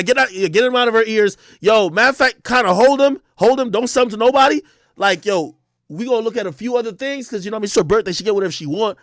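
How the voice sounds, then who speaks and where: A man's voice: sits high, fairly bright tone, no room sound, studio quality. A man streaming and telling a long profane story, laughing often and acting out each side of the conversation. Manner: profane, laughing, acts out both sides of the dialogue. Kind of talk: animated storytelling on a livestream.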